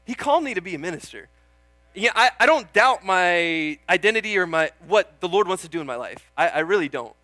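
A man's voice: sits high, expressive, fairly quick, bright, forceful tone, dry recording. A young man preaching a sermon in an earnest, chatty way, often calling out "Amen?" and joking about himself. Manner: self-deprecating, laughs at himself.

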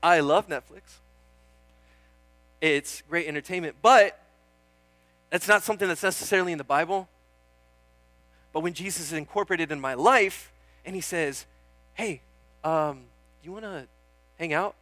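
A man's voice: a little high, normal speed, pauses often, a bit bright, no echo. A young man preaching a sermon in an earnest, chatty way, often calling out "Amen?" and joking about himself. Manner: self-deprecating, laughs at himself.

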